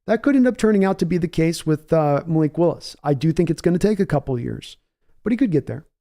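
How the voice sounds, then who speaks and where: A man hosting a live football stream in a casual, chatty way, answering viewers by name and thinking his analysis out loud. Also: a little high, expressive. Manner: measured, thinking-aloud analysis with restarts. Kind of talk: casual live-stream football talk, reading chat aloud.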